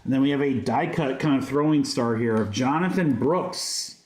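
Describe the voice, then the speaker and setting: A man's voice: medium pitch, moderate pace, darkish tone. A man hosting a livestream card break, calling out each card with upbeat, joking patter. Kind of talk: live card-break commentary. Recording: roomy echo.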